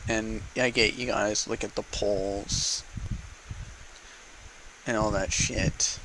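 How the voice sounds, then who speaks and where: A man's voice: on the low side, fairly even intonation, slow, sharp tone, slight background noise, rough recording. A man ranting heatedly to camera in an unedited vlog, swearing often and repeating words for emphasis. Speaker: vlogger. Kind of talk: unedited political rant to camera.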